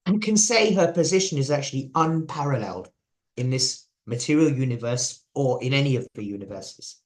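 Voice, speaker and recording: A man's voice: mid-range voice, expressive, a little fast. A man with an English accent giving a chatty devotional talk, sharing stories and asking the audience questions. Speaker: preacher.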